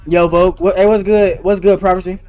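Young guy streaming games, high voice, talks fast n slangy, dry sound w faint music behind. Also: steady tone, a little mellow, no room sound. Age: young adult. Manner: fast-talking and slangy, teasing viewers. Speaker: game streamer. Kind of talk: casual gaming livestream chat.

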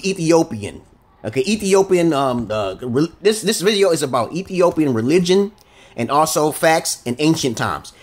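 A man's voice: sits high, husky. An American man ranting to camera in a confrontational, profane and rambling monologue. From United States. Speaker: vlogger.

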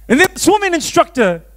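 A pastor tells stories from the pulpit. He has a strikingly high voice for a man. He pokes fun at himself and laughs easily as he talks. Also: normal speed. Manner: animated, self-mocking, laughs often. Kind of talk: storytelling sermon.

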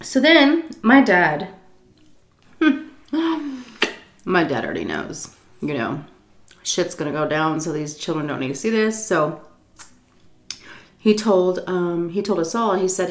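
A woman's voice: fairly low pitch, lively intonation, takes it slowly, long pauses. A woman vlogger telling a story while eating, tipsy from shots, rambling, swearing freely and laughing often. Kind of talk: casual storytime chat.

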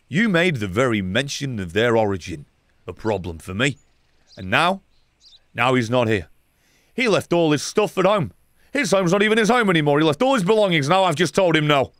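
A young man playing a video game and commenting as he goes, sarcastic and swearing, dropping to mutters and then shouting. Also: a little high, big pitch swings, normal speed, long pauses, dry recording. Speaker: gaming streamer.

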